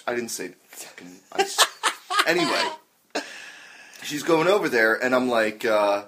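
A middle-aged man co-hosting a podcast, chatting crudely and breaking into loud cackling laughter. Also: medium pitch, wildly swooping pitch, a little slow. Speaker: podcast co-host. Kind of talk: crude comedic banter.

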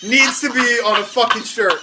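A man's voice: very high-pitched, steady tone, normal speed, over loud music. A man co-hosting a casual podcast, laughing hard and swearing a lot. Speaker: podcast co-host. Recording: very noisy podcast recording.

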